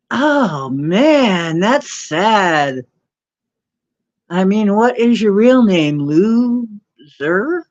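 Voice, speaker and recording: A woman's voice: medium pitch, very animated, drawn-out words, darkish tone. A woman hosting a casual livestream chat, scornful and mocking, laughing often. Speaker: livestream host. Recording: dull lo-fi stream audio.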